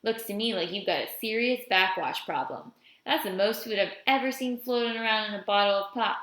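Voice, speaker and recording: A woman's voice: mid-range voice, a little fast, a bit bright, close to an everyday voice. A woman doing a teasing, fatherly older man. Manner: joking, fatherly. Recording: roomy echo.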